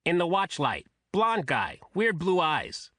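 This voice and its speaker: A man's voice: high-pitched, big pitch swings, takes it slowly, fairly bright tone, dry recording, studio quality, pitched above the performer's own voice, heavily acted. A man voicing a battered deaf male building worker with a nasal, quacking voice, in an audiobook thriller. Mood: dazed, pained.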